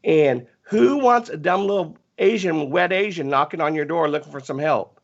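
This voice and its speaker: A man telling a long story in casual talk, animated and often stammering as he restarts his sentences. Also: on the high side, normal speed, highs cut off.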